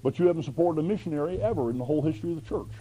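A male pastor preaching with an emphatic, folksy delivery and a high voice. His tone is mellow and warm rather than sharp. He keeps throwing rhetorical questions at the congregation. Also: racing, low-quality recording. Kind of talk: sermon.

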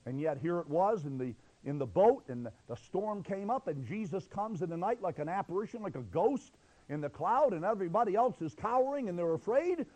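High-pitched, fiery male preacher. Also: lively intonation, brisk, mellow, rough recording. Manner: impassioned, emphatic exhortation. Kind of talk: sermon.

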